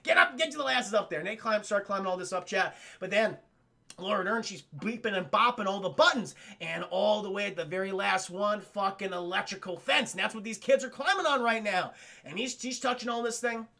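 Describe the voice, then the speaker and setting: A man casually recapping a film on a live stream, profane and animated, acting out the characters' lines. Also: sits high, brisk, creaky.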